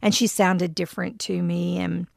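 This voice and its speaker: Middle-aged woman, low voice, halting testimony; dry and close. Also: level tone, gravelly, a little mellow, no echo. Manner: reflective and halting, with frequent pauses and restarts. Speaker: storyteller. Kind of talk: personal testimony.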